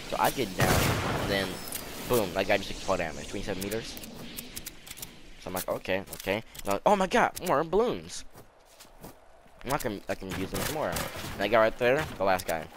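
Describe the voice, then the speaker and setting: An excitable man talks through his gameplay in casual commentary and yells at his teammates when a fight heats up. His pitch swoops up and down a lot. Loud game sounds play over his voice. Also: noisy background. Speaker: gaming video creator.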